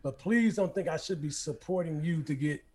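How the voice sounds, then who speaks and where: A man's voice: fairly high pitch, normal speed, warm tone, breathy edge. A man co-hosting a podcast, talking bluntly and jokingly in casual group chat. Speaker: podcast co-host.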